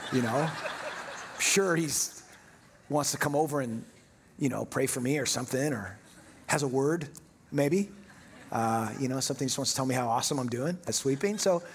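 A man's voice: a little high, a little hiss or hum. A man preaching a sermon, telling a story about himself with self-mocking humor. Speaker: pastor. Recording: long hall reverb.

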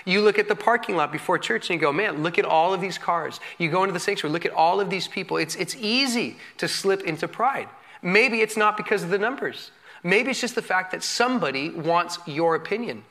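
A man preaching a sermon with a high, bright voice. He teaches candidly and with humor, poking fun at himself as he tells stories from the pulpit. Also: fairly quick. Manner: candid, self-deprecating, animated storytelling with laughs. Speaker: pastor.

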